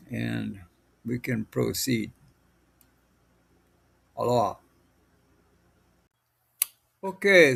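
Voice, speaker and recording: A language teacher from Hawaii gives a recorded lesson in a gravelly, medium-pitched voice. He's slow, deliberate and patient, drawing out each sound.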